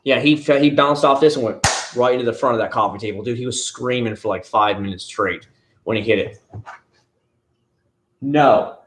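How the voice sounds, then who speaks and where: A man's voice: medium pitch, moderate pace, a bit bright, a little hiss or hum. A man streaming live from his living room at home, chatting casually and answering his chat in a rambling way.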